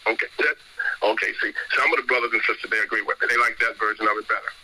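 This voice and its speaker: A man's voice: fairly low pitch, fairly even intonation, rapid-fire, sharp tone, rough recording. A man preaching on a call, reading verses and repeating blunt commands in an emphatic, scolding way. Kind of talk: sermon-style scripture talk.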